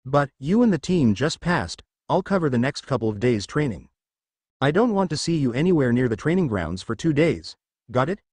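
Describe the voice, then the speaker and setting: A man's voice: mid-range voice, big pitch swings, normal speed, a little mellow, dry recording. A man voicing a stern young male ninja medic who talks bluntly and scolds.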